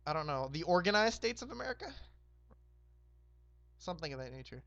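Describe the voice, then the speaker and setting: A hoarse young man hosting a roleplay game, casually recapping the map in a rambling, laid-back way with lots of fillers. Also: a little high, big pitch swings, brisk, fairly bright tone, dry recording, muffled recording. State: hoarse, sore throat.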